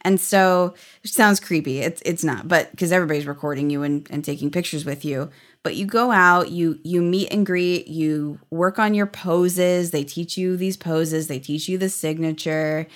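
A woman's voice: fairly low pitch, normal speed. A woman in her thirties, chatty and upbeat, telling stories as an interview guest. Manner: chatty, upbeat, laughs often. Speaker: guest, former theme park character performer. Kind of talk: casual interview storytelling.

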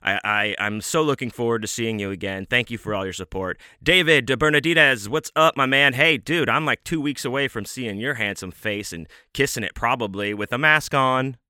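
A man hosting his own podcast, talking in a laid-back, rambling way with plenty of fillers as he gives shout-outs. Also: medium pitch, moderate pace, hardly any pauses, smooth, no echo, studio quality. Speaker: podcast host.

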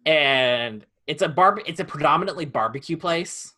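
A young man co-hosting a podcast, telling a story in a casual, animated way with frequent laughter and restarts. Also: fairly high pitch, normal speed. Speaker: podcast co-host.

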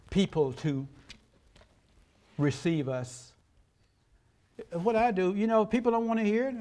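Older man, pastor, sermon, folksy, emphatic, rhetorical questions, high-pitched. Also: a little mellow.

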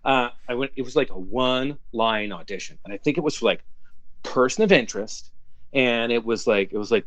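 A young man, an actor, telling anecdotes in a casual, animated way full of fillers. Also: mid-range voice, quick pace, no room sound. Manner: animated, filler-heavy storytelling. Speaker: actor guest.

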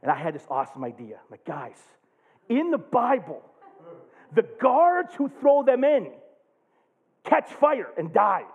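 A man in his thirties preaching, telling a funny camp story with excitable, jokey energy and loud bursts. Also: very high-pitched, unhurried, slightly rough. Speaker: pastor. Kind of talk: animated sermon storytelling. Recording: tinny phone-like sound.

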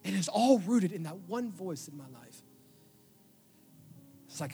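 A young adult man preaching a sermon, telling a personal story with emotion, his voice dropping to a hush and then rising loud. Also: high-pitched, expressive, a little slow, gravelly, long pauses, slightly rough. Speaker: pastor. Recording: long hall reverb with faint music. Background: faint music.

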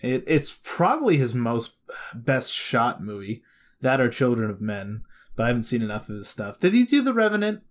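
A man chatting casually about movies, animated, exclaiming and groaning as he talks. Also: mid-range voice, moderate pace.

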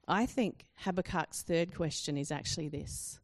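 A woman's voice: sits low, moderate pace, hardly any pauses, no echo, studio quality. A woman preaching a sermon, acting out quoted questions with rising emphasis.

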